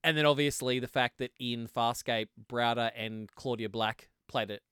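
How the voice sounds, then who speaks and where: In this studio-quality clip with no echo, a man with a steady, mid-range voice that's a bit bright and smooth talks at normal speed. He's co-hosting a podcast, casually chatting about a TV show, laughing often and restarting his sentences.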